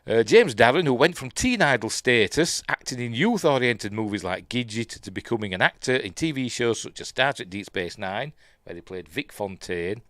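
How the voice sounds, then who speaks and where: Lively Yorkshire man rambling through news. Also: medium pitch, normal speed, no room sound, studio quality. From Yorkshire, England. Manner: rambling, chatty, breaks off to mutter about the stream. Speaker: host of a live news stream. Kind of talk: casual live-stream news chat.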